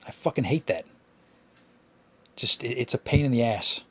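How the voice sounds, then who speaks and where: A man's voice: medium pitch, expressive, normal speed, husky. A man hosting a podcast, ranting and complaining in a rambling, profane way, full of restarts. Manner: whiny complaining. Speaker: podcast host. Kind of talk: ranting monologue.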